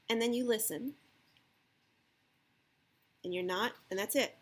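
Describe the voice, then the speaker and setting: Speaking to camera in a casual advice style, a woman shares parenting tips in a mid-range, slightly bright voice, going slowly with frequent pauses. She keeps checking in with listeners using "okay?" and "right?", and when she voices a parent's lines, her tone lifts.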